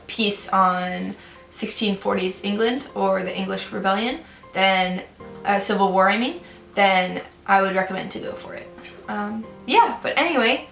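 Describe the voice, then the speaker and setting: A woman's voice: medium pitch, fairly bright tone. A young woman casually reviewing a book and retelling a fairytale in a loose, chatty way full of "like" and "um". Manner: chatty, loose, many fillers like "like" and "um". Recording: roomy room with music in the background.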